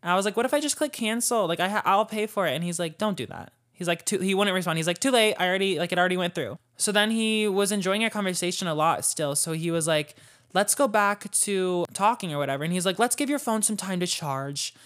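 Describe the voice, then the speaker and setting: A woman hosting a podcast, telling a personal story in a chatty, animated way, swearing freely and using lots of fillers. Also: lowish voice, quick pace. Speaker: podcast host. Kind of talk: casual storytelling.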